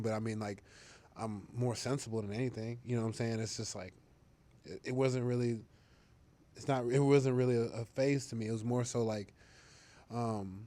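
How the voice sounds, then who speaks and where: A man's voice: mid-range voice, darkish tone. A young man, a football player, talking casually in an interview, rambling with fillers and restarts and laughing easily.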